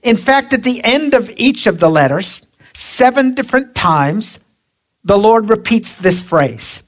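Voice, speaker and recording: A woman preaching a sermon, slow and emphatic, drawing out her phrases. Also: fairly high pitch, animated.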